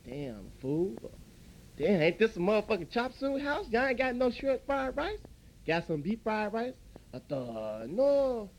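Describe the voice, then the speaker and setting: A brash, profane man with a high, lively voice, talking in loose street slang. He plays an irritated customer in a comedy sketch, his pitch jumping up and down as he complains. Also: normal speed, rough recording.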